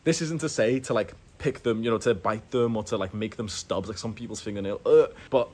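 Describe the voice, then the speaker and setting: A young man with a fairly low voice gives frank grooming advice straight to camera. He talks casually and bluntly, full of "like" and loose fillers. He punches key words with sudden emphasis. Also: fairly quick, darkish tone. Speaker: self-improvement YouTuber. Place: in Thailand, indoors.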